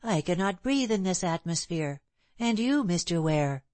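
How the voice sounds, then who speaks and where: A woman's voice: lowish voice, animated, unhurried, a little mellow, no room sound. A woman reading the part of a bold, scornful, free-spirited young woman in an audiobook, impetuous and proud. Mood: defiant.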